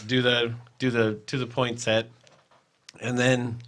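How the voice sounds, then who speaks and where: A man's voice: medium pitch, level tone, slow, a bit bright, clean tone. A man co-hosting a podcast, telling stories in casual chat with laughter and acted-out quotes. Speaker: podcast co-host.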